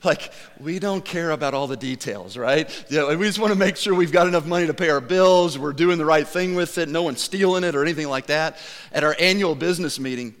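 A man preaching a sermon to his congregation in a church, animated and conversational, joking with the listeners. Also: a little high, fairly quick, big-room sound. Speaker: pastor. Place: church sanctuary.

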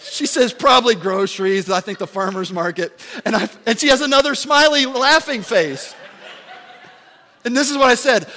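A man in his forties, a pastor giving a sermon as an animated, joking storyteller. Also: extremely high pitch, moderate pace. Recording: long hall reverb.

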